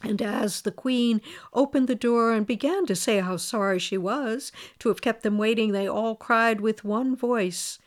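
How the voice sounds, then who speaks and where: A woman reading a fairy tale aloud, lively and expressive. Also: a little high, a little slow. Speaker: storyteller.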